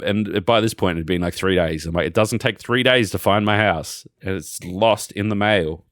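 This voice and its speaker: A man's voice: deep voice, normal speed, hardly any pauses, fairly bright tone, no room sound, clean studio sound. An Australian man co-hosting a podcast, telling rambling, sweary stories in a casual chat. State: recently sick. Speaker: podcast co-host.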